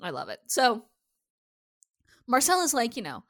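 A woman podcast host talks through a show's episode in loose, casual chat. Her voice sits on the higher side, animated and full of casual swearing. The sound is dry, with no room around it. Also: a little slow, pauses often, no echo. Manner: animated, swears freely, acts out characters' lines.

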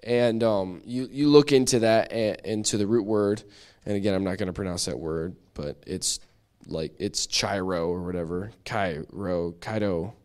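A man's voice: lowish voice, normal speed, few pauses, a little mellow. A man teaching a Bible study lesson in a chatty, self-deprecating way, often restarting his sentences. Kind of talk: casual church teaching.

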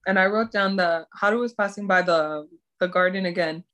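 A young woman casually recapping a drama episode, expressive, swearing and laughing often. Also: on the low side, fairly quick.

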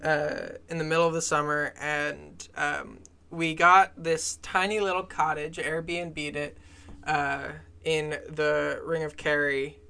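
Male podcast co-host, bright and forceful tone, chatty storyteller full of ums and uhs. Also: a little high, level tone, slow pace, gravelly, smooth. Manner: rambling storyteller with many fillers. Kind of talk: casual chat.

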